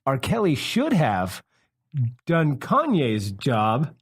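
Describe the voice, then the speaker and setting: A man's voice: mid-range voice, huge pitch swings, takes it slowly, breathy edge. A man co-hosting a comedy podcast, firing off wry jabs and slipping into mocking voices. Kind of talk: casual comedic banter.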